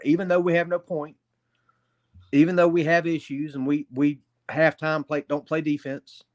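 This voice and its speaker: Confident man arguing in a sports chat. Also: fairly high pitch. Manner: confident, argumentative. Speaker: guest.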